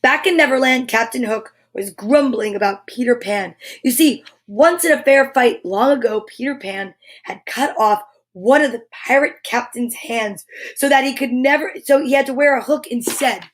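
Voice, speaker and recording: A woman's voice: fairly high pitch, normal speed. A woman hosting a children's story time, reading a picture book aloud with enthusiastic, chatty asides. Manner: enthusiastic, chatty asides between read passages.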